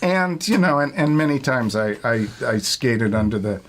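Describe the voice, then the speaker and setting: This longtime retail worker, a middle-aged man, rambles through casual stories, swearing freely and chuckling as he talks. He sounds animated, with a medium-pitched voice at normal speed and a faint hiss or hum underneath.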